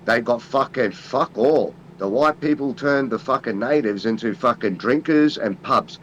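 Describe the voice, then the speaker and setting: A man's voice: mid-range voice, normal speed, fairly bright tone, lo-fi sound, a little hiss or hum. A man with an Australian accent, talking in blunt, rambling casual chat and swearing constantly. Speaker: co-host.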